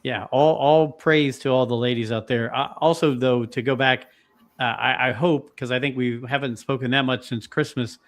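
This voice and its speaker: A man's voice: medium pitch, steady tone, moderate pace. A man hosting a podcast and welcoming his co-hosts in casual chat. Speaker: podcast host.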